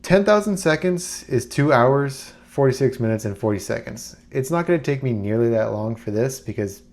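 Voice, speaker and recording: A man talking casually to camera as a YouTuber, rambling and relaxed with plenty of fillers. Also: mid-range voice, moderate pace. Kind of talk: casual screen-recorded talk.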